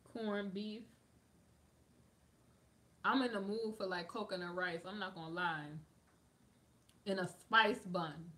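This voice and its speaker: A woman's voice: mid-range voice, fairly even intonation, slow, pauses often, sharp tone. A woman hosting a livestream, chatting casually and answering viewers' comments, with lots of "like" fillers as she drifts between topics. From United States. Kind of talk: casual chat.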